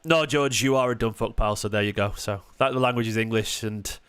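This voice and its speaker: A man hosting a live football watchalong, sarcastic and defensive as he talks back to viewers in the chat, moving from low mutters to sharp raised outbursts. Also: a little fast, smooth. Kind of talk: live-stream match commentary and chat replies.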